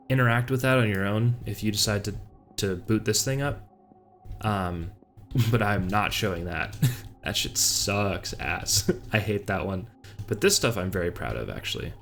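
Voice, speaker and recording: A man's voice: on the low side, slight background noise. A young man casually commenting on his old game projects, rambling, laughing and swearing at his own work. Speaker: indie game developer. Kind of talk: casual commentary over gameplay.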